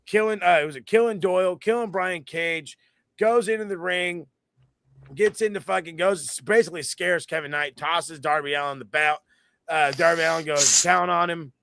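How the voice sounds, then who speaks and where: A man's voice: fairly high pitch, moderate pace, gravelly, a bit bright, slight background noise. A man co-hosting a casual wrestling review podcast, telling the story animatedly with lots of swearing and mocking quoted voices. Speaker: podcast co-host.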